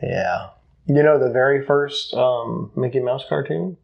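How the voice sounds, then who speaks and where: A man's voice: medium pitch, fairly even intonation, measured pace, creaky, highs cut off, crowd noise. A man co-hosting a casual podcast chat, rambling and joking, often breaking into giggles. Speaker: podcast co-host.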